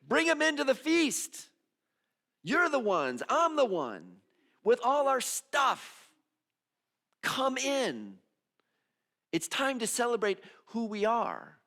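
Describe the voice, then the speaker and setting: Man playing a booming, joyful feast master. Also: huge pitch swings, slow, long pauses, full character voice. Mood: exuberant. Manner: exuberant, calling out loudly.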